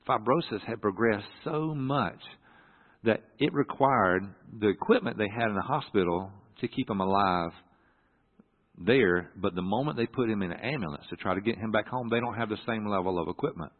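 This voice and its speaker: A middle-aged man telling a personal story from the pulpit, halting and earnest with many restarts. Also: fairly low pitch. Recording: echoey hall through a phone-like line.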